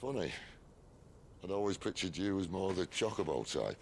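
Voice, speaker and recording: Super deep gravelly brit rebel boss, slow and wry, swoops around a lot. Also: male voice, big pitch swings, slight background noise. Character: gruff weathered male rebel leader, wry. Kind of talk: video game cutscene acting.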